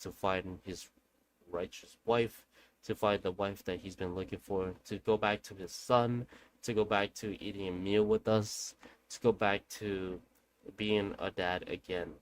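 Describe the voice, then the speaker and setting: A man's voice: lowish voice, a little mellow, slight background noise. A man streaming a game who tells a long story in casual, rambling talk, with slang and swearing, addressing his viewers directly.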